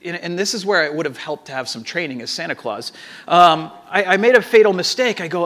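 A man giving a sermon, telling a personal story with animated acted-out dialogue and frequent restarts. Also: high-pitched, fairly quick.

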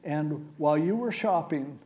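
A man's voice: a little high, expressive, unhurried, warm tone. A male preacher giving a sermon, retelling scripture in a casual, conversational way.

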